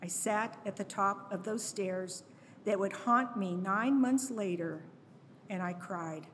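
A woman reading a personal memoir aloud, slow and earnest, with small stumbles on words. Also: mid-range voice, a bit bright. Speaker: guest reader. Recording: long hall reverb, faint noise.

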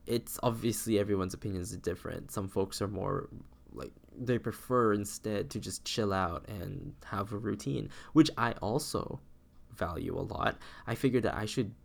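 A young man talks through a loose, meandering solo podcast monologue, doubling back on himself mid-sentence. Being sick has pushed his voice down into a low, gravelly register full of fry. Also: normal speed. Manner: meandering, self-interrupting, with frequent restarts. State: sick, voice lower than usual. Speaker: podcast host.

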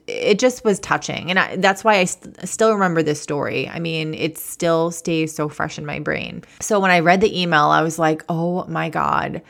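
A woman's voice: low-pitched, gravelly. A woman who runs an online shop, telling a story in a rambling, chatty way and often correcting herself mid-sentence. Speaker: e-commerce business owner, podcast host. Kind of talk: casual storytelling monologue.

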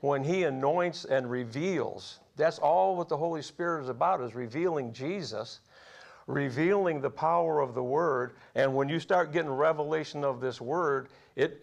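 A man's voice: medium pitch, normal speed, creaky. A man over forty preaching a sermon, telling folksy personal stories and laughing at his own tales. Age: 40s or older.

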